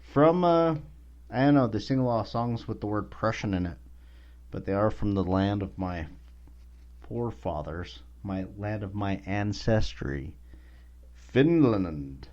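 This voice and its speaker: A man's voice: on the low side, unhurried, a little mellow. A man hosting his own podcast in a rambling, profane casual monologue, full of filler words. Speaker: podcast host. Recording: dull lo-fi recording.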